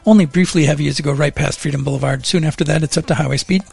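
Middle-aged radio guy, gravelly husky voice, dry studio sound, reads traffic. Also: on the high side, racing, no room sound, faint music behind. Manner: chatty, wry, then steady report reading. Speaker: radio traffic reporter and co-host. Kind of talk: casual radio chat and traffic report. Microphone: studio mic.

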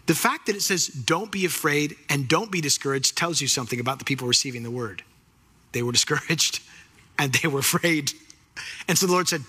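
A man preaching a sermon with a husky voice, animated and acting out the voices of the people in the story. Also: on the high side, fairly quick.

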